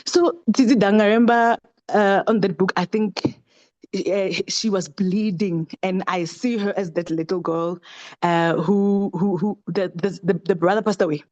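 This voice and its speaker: A woman's voice: medium pitch, unhurried, a little mellow, muffled recording. A middle-aged woman talking passionately at a book club, with many restarts and rhetorical questions. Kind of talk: casual discussion.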